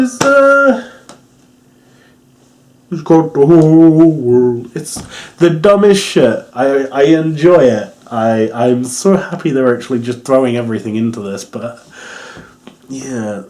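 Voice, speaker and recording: A man's voice: mid-range voice, a little mellow. A young English man with an English accent giving a rambling, casual wrestling review, laughing often and swearing freely. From England.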